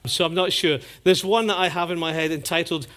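A man's voice: a little high, steady tone, brisk, sharp tone. A man preaching a sermon, telling stories and acting out scenes in different voices.

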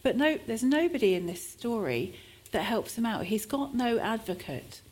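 A woman preaching a sermon in a church service, her voice a little high and swinging widely up and down. She leans into shifting emphasis and sometimes acts out desperate cries. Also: expressive, moderate pace, a little mellow, breathy edge.

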